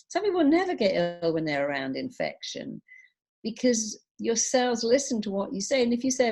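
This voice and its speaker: A woman's voice: fairly high pitch, a little fast. A middle-aged woman, a psychologist and hypnotherapist, speaking as a guest on a radio interview in an emphatic, persuasive way. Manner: emphatic, persuasive, lively storytelling.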